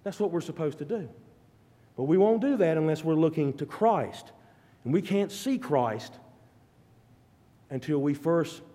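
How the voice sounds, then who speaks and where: A man preaching a sermon, rising to loud, fervent peaks and dropping to quiet, low passages. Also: animated, measured pace, pauses often, big-room sound. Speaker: pastor.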